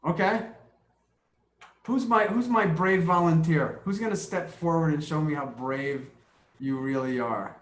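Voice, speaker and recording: A man's voice: fairly high pitch, a little slow. Upbeat man coaching an online class. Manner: encouraging, repeats words often. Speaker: English teacher. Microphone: video call.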